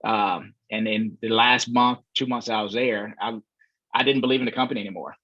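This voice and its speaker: A man's voice: fairly low pitch, fairly quick, no room sound. A man in casual conversation as a podcast guest, telling a long story with lots of fillers and acted-out quotes. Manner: relaxed storyteller, many fillers, acts out quoted voices. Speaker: podcast guest, real estate investor. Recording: dull, dry, lo-fi sound.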